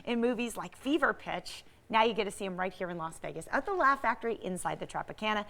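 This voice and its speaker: A woman's voice: medium pitch, expressive, fast talker, vocal fry, fairly bright tone. A female morning TV co-host, introducing a guest and chatting in an upbeat presenter manner. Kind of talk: scripted TV intro and chat. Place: TV studio.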